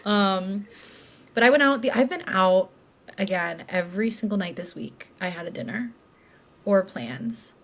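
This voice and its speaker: A woman's voice: mid-range voice, animated, a little slow. A woman in her late twenties, co-hosting a podcast and telling a story in a rambling, chatty way full of likes and ums. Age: late 20s. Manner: chatty, self-described yapper, lots of likes and ums. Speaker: podcast co-host. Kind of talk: casual chat, storytelling.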